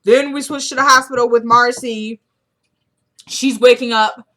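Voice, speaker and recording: A woman's voice: fairly high pitch, fairly even intonation, a little slow, fairly bright tone. A woman at home giving a chatty, casual recap of a TV episode and acting out the characters' lines as she tells it. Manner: chatty storytelling, acts out lines.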